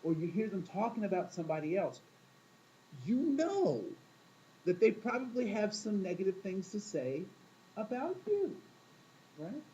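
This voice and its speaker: A man's voice: sits high, sing-song, a little slow, long pauses, mellow, dull audio, a little hiss or hum. A man teaching a class in a casual, storytelling way, often asking the room questions and acting out quoted voices. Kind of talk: classroom talk to students.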